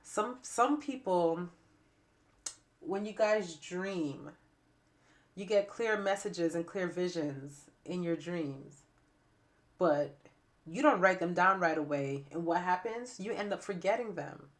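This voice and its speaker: Woman tarot reader, low-pitched voice, stuffy and raspy from a cold, emphatic and repetitive. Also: slow pace. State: stuffy nose and raspy throat. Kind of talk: spiritual reading to camera.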